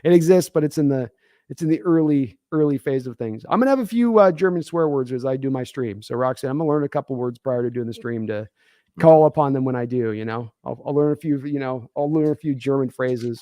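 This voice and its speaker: A man hosting a sports stream show in casual talk, animated and quick to restart and repeat his words. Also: mid-range voice, dry recording, clean studio sound.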